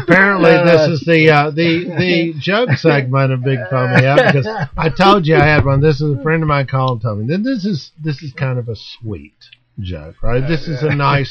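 A man's voice: medium pitch, normal speed, lo-fi sound, a loud crowd. A male host telling a long joke in casual chat, rambling with many restarts. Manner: rambling, restarts, animated storytelling. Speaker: podcast host.

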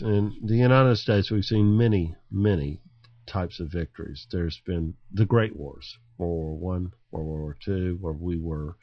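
A man's voice: on the low side, no room sound, muffled recording. A man co-hosting a podcast, chatting casually and rambling in a mock-solemn tone. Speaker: podcast co-host. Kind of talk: casual comedic chat.

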